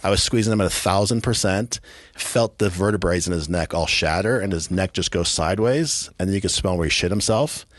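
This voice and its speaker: A man's voice: low-pitched, a little fast, dry recording. A man from California, a podcast guest, telling a violent story in a blunt, profane, matter-of-fact way with streetwise grammar. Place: podcast studio.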